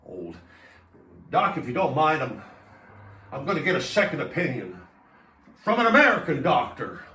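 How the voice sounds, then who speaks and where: A man playing a frantic comedian patient who keeps slipping into loud, jumpy put-on voices. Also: sing-song, normal speed, reverberant, recorded from a distance. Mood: rattled. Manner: frantic, loud, jumping pitch and pace between put-on voices. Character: manic male comedian lurching between impressions.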